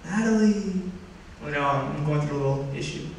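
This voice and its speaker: A young man giving a personal story talk to an audience, animated and acting out what others said. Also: a little high, fast talker, slight background noise. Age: young adult. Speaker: student speaker. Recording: echoey hall from far off.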